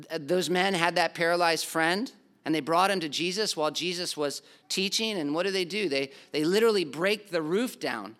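A man's voice: sits high, fairly bright tone. A man preaching a sermon as pastor, earnest and emphatic, acting out the people in the story.

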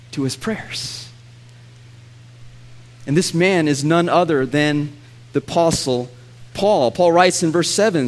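A man preaching a sermon as a pastor, reading scripture earnestly and letting his voice rise and swell on the pleading lines. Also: fairly high pitch.

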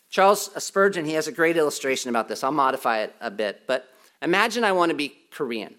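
Guy preaching, fairly high voice, hammers the point over and over, cracks jokes at himself. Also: expressive, fairly quick, sharp tone. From United States. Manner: emphatic, repeats key points, self-deprecating humor. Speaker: pastor. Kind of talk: sermon.

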